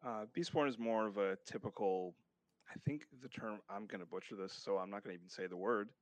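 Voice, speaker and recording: A man's voice: fairly low pitch, brisk, no room sound. A man, a guest author, talking casually in an interview, rambling a little with fillers and restarts.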